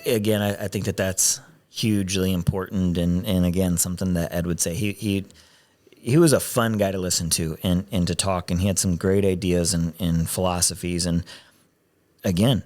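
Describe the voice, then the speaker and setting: Podcast host, male, somewhat low voice, rambling casual delivery with restarts. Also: steady tone, normal speed, a little mellow. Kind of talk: casual chat. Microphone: headphones and studio mic.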